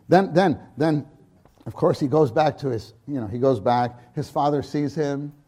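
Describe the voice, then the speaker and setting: Animated man preaching a sermon. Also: unhurried. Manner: animated, acts out quotes with loud high bursts; frequent restarts and repeated words. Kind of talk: sermon on scripture.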